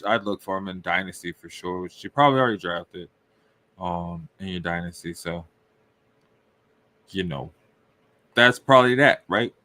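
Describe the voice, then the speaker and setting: A man's voice: on the low side, fairly bright tone, no echo. A man hosting a casual podcast, talking loosely and rambling, often tossing in questions and shrugging asides. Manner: loose, rambling, full of "right?" and "I don't know". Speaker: podcast host. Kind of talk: casual fantasy football talk.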